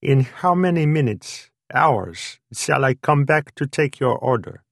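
A man's voice: medium pitch, lively intonation, measured pace, creaky, dry recording, studio quality, pitched above the performer's own voice. A man voicing a knowing, pushy male Greek waiter with a heavy Greek accent, who talks in clipped, broken phrases. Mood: teasing.

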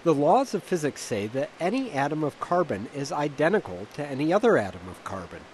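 A male science reporter reading a scripted radio feature. His pitch jumps around a lot, and his tone stays wry. A faint room ambience sits under the voice. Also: brisk, a little hiss or hum. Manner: lively, wry delivery. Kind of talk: scripted news feature narration.

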